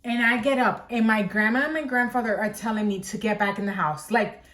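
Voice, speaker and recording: A young woman vlogger telling a casual storytime tale, animated and dramatic, peppered with "like". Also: a little high, brisk. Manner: animated, dramatic, heavy use of "like". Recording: roomy echoing room.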